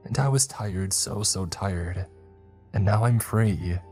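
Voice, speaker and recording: A man's voice: fairly low pitch, slow pace, darkish tone, soft background music, pitched above the performer's own voice. A man voicing a despairing, tearful schoolgirl. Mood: weary. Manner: choked, pleading outbursts.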